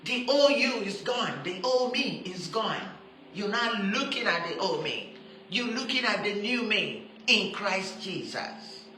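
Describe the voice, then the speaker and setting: A woman preaching a sermon who stresses her points by repeating them and turns soft and intimate when she appeals to her listeners. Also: medium pitch, lively intonation, unhurried, reverberant, slight background noise, poor audio. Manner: emphatic, repeats key phrases for stress.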